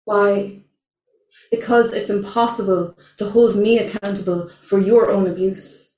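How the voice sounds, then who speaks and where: A young woman performing a spoken word poem at an open mic, slow, deliberate and intense. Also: mid-range voice, steady tone, a little mellow. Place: small venue, indoors. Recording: roomy, from far off.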